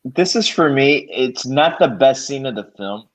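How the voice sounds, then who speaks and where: A man's voice: mid-range voice, animated, measured pace, a crowd in the background. A man co-hosting a movie podcast, telling stories casually and animatedly, swearing freely. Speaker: podcast co-host. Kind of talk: casual chat. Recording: slightly dull lo-fi audio.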